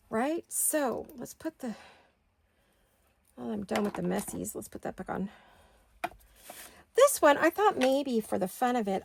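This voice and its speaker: A woman's voice: a little high, lively intonation, a little slow, creaky, pauses often, slight background noise. A middle-aged woman hosting a craft video, chatting casually to her viewers and to herself as she works. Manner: chatty, talks to herself while working.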